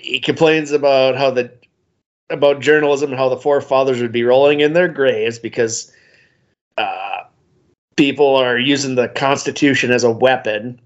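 A man's voice: medium pitch, steady tone, normal speed, lo-fi sound. A man co-hosting a podcast in casual chat, dry and sarcastic, often laughing as he critiques an album. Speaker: podcast co-host.

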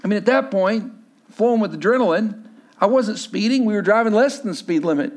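Male pastor in his 40s, higher-pitched voice, animated storytelling sermon. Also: brisk. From Texas. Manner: storytelling, acts out voices, drops low and quiet for emphasis.

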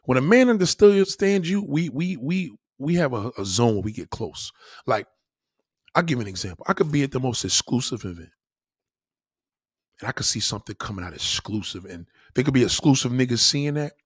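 A man's voice: mid-range voice, lively intonation, moderate pace, pauses often, husky, no room sound, studio quality. A young man hosting a livestream, ranting bluntly and profanely in casual talk, often restarting his sentences. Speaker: livestream host.

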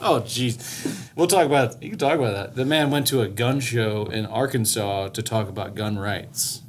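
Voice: medium pitch, slight background noise. A podcast co-host chatting casually, mostly reacting briefly and tossing in dry asides. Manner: short reactions and dry asides, quick to laugh. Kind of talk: casual chat.

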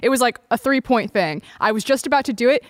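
A woman esports analyst, animated and boastful, laughing often in casual desk chat. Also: fairly high pitch, quick pace, no echo, clean studio sound.

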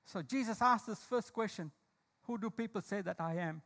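A man preaching a sermon. He puts questions to the congregation, calls on listeners by name and slows down to stress his key lines. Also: high-pitched, fairly bright tone. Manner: slow, emphatic delivery of key lines. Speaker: pastor.

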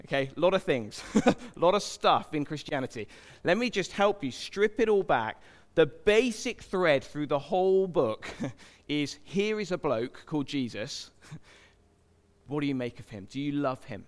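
A man preaches in a church hall with long hall reverb, his voice a little high, lively in intonation and moderately paced. His sermon is conversational, and he chats with the crowd and asks it questions.

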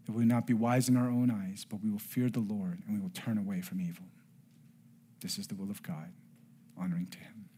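Pastor shifting from hush to fervor. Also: male voice, fairly low pitch, level tone, a little fast, a little hiss or hum. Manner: swings between hushed near-whispers and raised emphatic passages; acts out family dialogue in a storytelling tone. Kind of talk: sermon.

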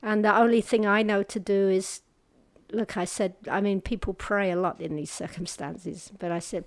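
This is a woman's testimony before an audience about an ordeal she went through, delivered in a steady, mid-range voice over a dry recording. Her telling is vivid yet halting and earnest, full of restarts, hushed pauses at difficult points, and shifts from brisk to slow and quiet.

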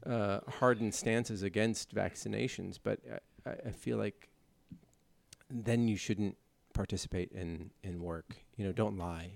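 A man in casual podcast chat, talking haltingly with frequent restarts. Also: lowish voice, fairly even intonation, creaky, no room sound.

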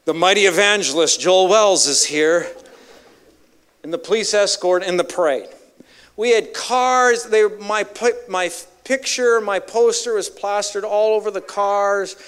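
A man's voice: fairly high pitch, fairly bright tone, clean tone. A male evangelist preaching a sermon with emphatic, dramatic storytelling.

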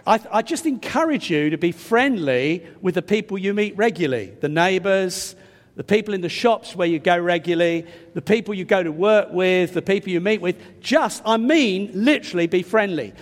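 A man's voice: sits high, animated, normal speed. An older English man with a slightly stuffy nose, preaching a sermon and telling a self-deprecating personal story in a chatty way. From England. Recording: long reverb of a large hall.

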